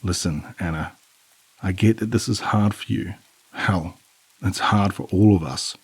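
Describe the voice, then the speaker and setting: A man's voice: sits low, a little slow, slightly rough, dry recording, heavily acted, low-quality recording. A man voicing an irritated middle-aged mother who scolds her daughter. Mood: scolding.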